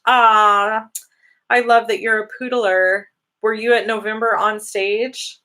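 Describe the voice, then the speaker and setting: A woman's voice: medium pitch, a bit bright. A woman hosting a casual live Q&A, chatty and upbeat as she reads out viewer comments and answers them. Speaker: host answering viewer questions. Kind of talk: casual live-stream Q&A chat.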